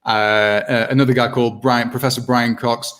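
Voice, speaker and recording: A man's voice: mid-range voice, little pitch movement, a little fast. A British man, an impressionist guest, chatting casually over a video call, rambling and self-mocking with many restarts. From Britain.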